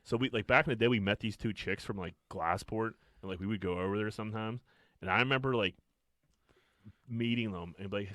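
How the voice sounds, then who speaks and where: A man, co-hosting a casual podcast chat, loud and crude, laughing often. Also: on the low side, fairly quick, dry recording. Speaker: podcast host.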